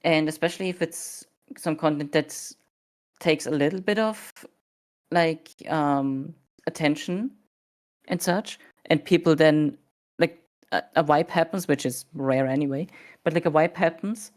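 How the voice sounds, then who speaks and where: A woman's voice: low voice, a little slow. A sleepy woman chatting casually on a stream, rambling and hesitating with many fillers. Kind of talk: casual chat.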